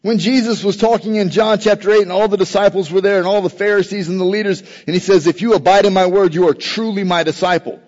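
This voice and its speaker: A man's voice: high voice, fairly even intonation, quick pace, few pauses, a little mellow. A man preaching a sermon as pastor, earnest and building emphasis on scripture quotes. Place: church sanctuary. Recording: dull, long-reverb church recording.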